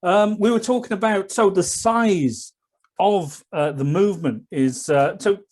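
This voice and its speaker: A man's voice: high-pitched, a little slow, darkish tone. Chatty man co-hosting a podcast. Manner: teasing, rambling with many fillers. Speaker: podcast co-host. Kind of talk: casual chat.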